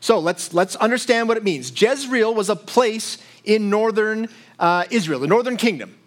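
A man's voice: high voice, animated, normal speed. A man preaching a sermon as pastor, teaching in a conversational way with frequent asides to his listeners.

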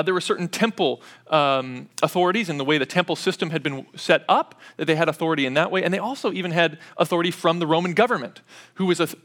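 A man delivers an expository sermon in a relaxed, conversational teaching tone. His voice sits noticeably high for a man. He works through each point step by step, pausing often and filling gaps with small hesitations. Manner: conversational, explaining step by step with frequent pauses and fillers. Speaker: preacher.

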